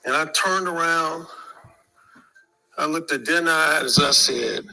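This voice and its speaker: A man telling a crude, animated personal story to an audience from a stage. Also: on the high side, measured pace, creaky, soft background music, low-quality recording. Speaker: speaker.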